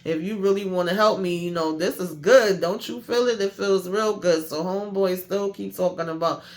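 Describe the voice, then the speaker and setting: Higher-voiced man, lively slangy recap host who acts out the scenes. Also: normal speed. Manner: animated, slangy, acts out characters' lines. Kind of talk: casual recap monologue.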